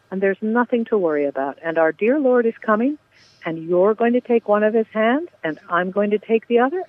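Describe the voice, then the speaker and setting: A gentle older sister speaks softly to her dying brother, as a woman reads her lines from a play. The reading is tender and reassuring, with no put-on accent. It comes down a thin, tinny phone line. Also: medium pitch, no echo, natural voice. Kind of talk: reading a play monologue aloud.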